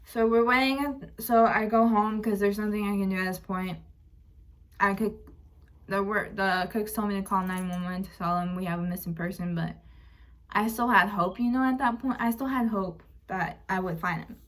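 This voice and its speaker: A young woman talks straight to her viewers in a candid, personal vlog, retelling a hard family ordeal. Her voice sits at a middle pitch. She sounds frank and emotional, acts out arguments with "I'm like" and lets a curse slip now and then. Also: steady tone, moderate pace. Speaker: vlogger. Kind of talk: candid personal storytelling to camera.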